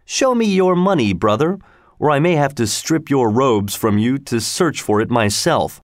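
A man's voice: animated, normal speed, dry recording, close to an everyday voice. A bold, proud outlaw leader from a storybook, put on by a man reading aloud. He talks in a jaunty, teasing manner with a lifted voice. The sound is close and dry, with no room around it. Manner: jaunty, mocking, raised pitch.

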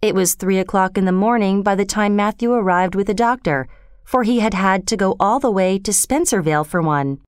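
A woman narrating a children's storybook in a steady, gentle, expressive reading. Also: medium pitch, a little fast, clean tone, dry recording, clean studio sound.

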